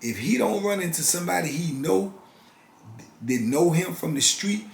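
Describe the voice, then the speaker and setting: A man's voice: high voice, lively intonation, moderate pace, creaky. An older man talking casually and emphatically in street slang, repeating phrases for rhythm, as the host of his channel. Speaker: channel host, former prisoner. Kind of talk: casual storytelling monologue. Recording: echoey room with faint noise.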